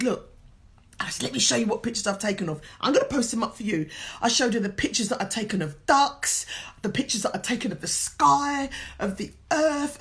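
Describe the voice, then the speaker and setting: A woman from England speaks as a life coach, sharing a motivational story in an earnest, emotional way. She sounds tearful at times, with a voice pitched a little high. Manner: emotional, earnest, tells a story with quoted dialogue.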